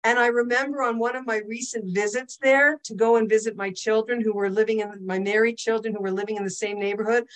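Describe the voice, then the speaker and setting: A woman's voice: fairly high pitch, low-quality recording. Middle-aged woman teaching a Torah lesson. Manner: animated, conversational, asks the audience "okay?" and "hello?". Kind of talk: Jewish religious lesson with storytelling.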